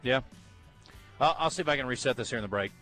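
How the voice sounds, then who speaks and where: A man's voice: mid-range voice, animated, fast talker, bright, forceful tone, faint music behind. A man hosting a live sports talk radio show from a bookstore, chatting in an easygoing, bantering way. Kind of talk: casual radio chat.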